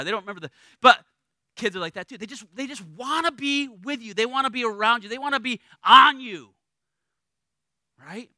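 A middle-aged man preaching a sermon as a pastor, conversational and animated, acting out little voices in his stories. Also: very high-pitched, fairly quick, dry recording.

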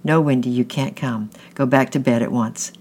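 A man reading the lines of a brisk, capable mother, commanding yet kind, in a storybook. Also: medium pitch, steady tone, a little mellow, slight background noise, close to an everyday voice. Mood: urgent.

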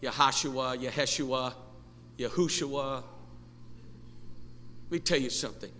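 A man preaching a sermon as pastor, impassioned and rising to shouts, in a church sanctuary. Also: medium pitch, unhurried. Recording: long church hall reverb, faint noise.

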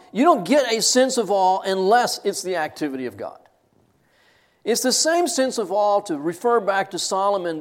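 An older man teaching from a Bible passage to students in a sermon style, laughing and getting choked up as he tells stories. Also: sits high. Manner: animated, laughs and chokes up while telling stories. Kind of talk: classroom sermon.

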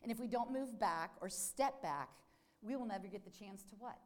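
A woman's voice: mid-range voice, moderate pace. A woman, a nurse, giving a devotional talk, telling a story and asking her listeners questions. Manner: animated storyteller who asks the audience questions. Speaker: nurse speaking to a group.

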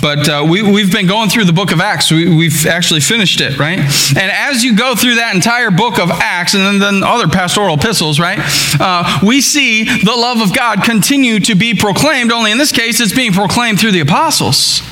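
A man's voice: high voice, normal speed, bright, forceful tone, roomy sound, in a large hall, rough recording. A male pastor preaching a sermon in a chatty way, often asking the congregation "right?" and acting out short everyday exchanges. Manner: conversational, asks the congregation rhetorical questions; acts out little dialogues in a raised voice.

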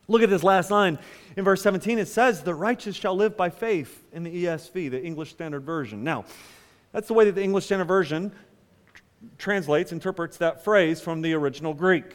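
A man preaching a sermon as pastor, swinging between loud emphatic lines and hushed asides. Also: sits high, moderate pace, big-room sound.

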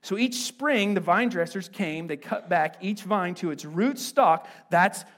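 Pastor, male, fairly high voice; lively, chatty sermon delivery with joking asides. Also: a little slow. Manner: animated, conversational, playful asides. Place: church.

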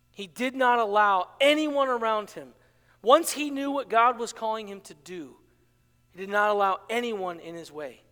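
Man preaching, very high bright voice, dynamic delivery, long hall reverb. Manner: dynamic preaching, swings from loud to hushed. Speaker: pastor. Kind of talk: sermon.

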